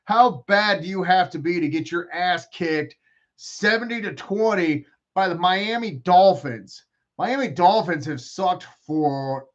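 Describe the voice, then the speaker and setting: Host: a man, slightly high voice, rambling profane banter, muffled lo-fi stream audio. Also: unhurried. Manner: profane, joking, rambling trash talk. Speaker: podcast host. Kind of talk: casual rambling live-stream chat.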